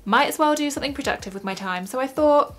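Young woman vlogging from home, rambly and self-mocking, bit of a high voice. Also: lively intonation, quick pace, soft background music. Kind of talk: casual vlog chat.

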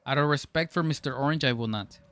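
A fast-talking man with a medium, somewhat bright voice streams a game live on a dry recording. He reads chat and commentates, joking, laughing often and sometimes switching into mock-formal phrasing with his viewers.

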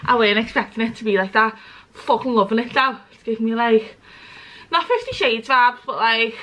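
A woman's voice: a little high, normal speed, a bit bright, rough recording. A young British woman chatting casually and rambling to camera, swearing freely. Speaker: vlogger. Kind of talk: casual vlog chat.

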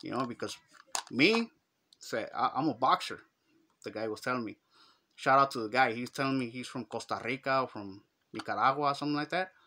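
A little hiss or hum sits under this medium-pitched, brisk, sharp-toned voice. The speaker, a middle-aged man with a Chicano accent from Los Angeles, is casually telling a story in slangy street talk and performing the quotes.

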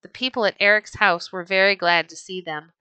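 A woman reading an old storybook aloud as narrator, in a gentle, measured way. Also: mid-range voice, fairly even intonation, smooth, no room sound.

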